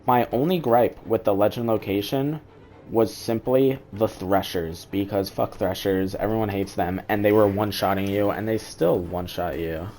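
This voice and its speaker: A man's voice: lowish voice, fairly even intonation, normal speed, a little mellow, a little hiss or hum. A man streaming a game, rambling through his opinions in casual chat and swearing now and then. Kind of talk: casual live-stream commentary.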